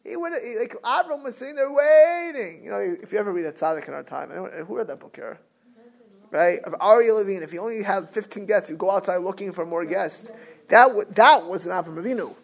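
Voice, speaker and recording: Animated rabbi with a higher voice. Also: male voice, quick pace, vocal fry. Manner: animated, joking, acts out scenes, weaves in Hebrew and Yiddish terms. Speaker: rabbi teaching a class. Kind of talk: lively Torah class.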